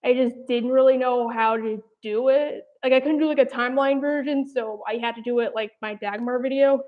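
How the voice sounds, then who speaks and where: A woman's voice: fairly high pitch, fairly even intonation, fairly quick. A young woman from New chatting casually on a livestream, hesitant and rambling. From New Jersey. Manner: rambling, hesitant, many "like" and "I don't know". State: slightly out of breath. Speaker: animation commentary channel host. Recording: tinny phone-like audio.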